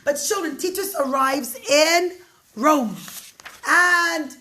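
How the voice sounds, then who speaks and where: A woman narrates a story for children, her high voice full of expressive, dramatic pacing. The room around her gives a noticeable echo, and a faint hiss sits underneath. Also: measured pace. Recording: roomy echo, faint noise.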